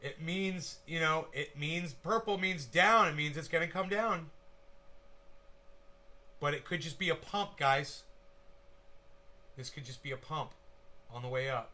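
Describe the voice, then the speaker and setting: Excitable, profane man calling a live chart. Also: on the high side, a little slow, long pauses. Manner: excitable, profane, talks straight to viewers. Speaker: crypto livestream host. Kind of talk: live market commentary to a chat.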